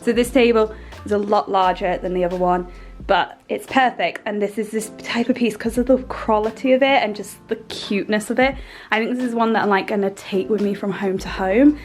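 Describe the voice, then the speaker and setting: A woman's voice: medium pitch, steady tone, fairly quick, soft background music. A woman, chatting casually and enthusiastically to camera at home, often laughing. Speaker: lifestyle vlogger. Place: at home, indoors.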